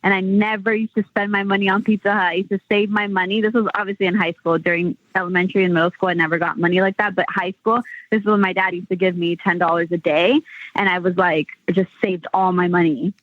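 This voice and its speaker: A woman's voice: mid-range voice, fairly even intonation, quick pace, no room sound. Rambling woman on a tinny line. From United States. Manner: rambling, many "like" fillers and restarts. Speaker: entrepreneur guest. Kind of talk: casual interview chat. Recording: tinny phone-line sound.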